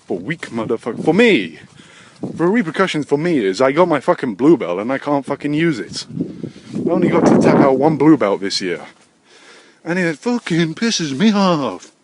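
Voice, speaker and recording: A man in his thirties talks alone into a desk microphone, rambling from topic to topic. His everyday middle-pitched voice curses freely, drops to low mutters, then jumps into sudden loud, high-pitched outbursts. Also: big pitch swings, moderate pace, a little hiss or hum. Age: 30s. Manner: profane, erratic, swings between mutters and loud outbursts. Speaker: podcast host. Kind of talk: rambling solo podcast monologue.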